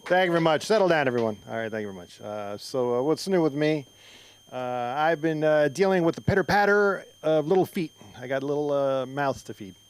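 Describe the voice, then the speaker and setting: A man's voice: fairly high pitch, lively intonation, brisk, slight background noise, poor audio. A middle-aged man from Mexico works through a stand-up set at an open mic. He rambles and restarts, padding his stories with ums and uhs. He is heard through a handheld stage mic in a club. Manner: rambling, filler-heavy storytelling with frequent restarts. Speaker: stand-up comedian.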